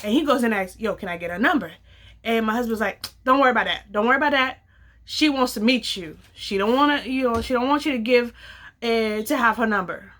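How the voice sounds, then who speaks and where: A young adult woman casually telling a personal story, acting out the dialogue with lively slang. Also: a little high, fairly quick. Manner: animated, acts out quoted dialogue, casual slang.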